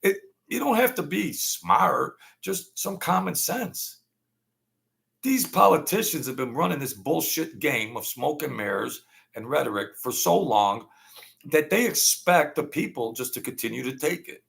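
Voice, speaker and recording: A man's voice: a little high, expressive, measured pace, creaky, a bit bright. A man hosting a casual livestream rant, blunt and slangy, rambling and stuttering as he goes. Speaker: livestream host.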